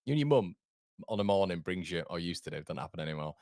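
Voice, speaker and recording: Male football streamer, low voice, dry close sound, chatty and rambling, greets viewers by name. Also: expressive, fast talker, a little mellow, no room sound. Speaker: football channel host. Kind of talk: casual live-stream chat.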